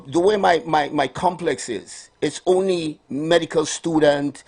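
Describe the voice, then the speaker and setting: Male radio health host, slightly high-pitched, upbeat greeter with a preachy streak. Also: measured pace, a little mellow, husky. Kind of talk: live radio morning show chat. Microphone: studio microphone.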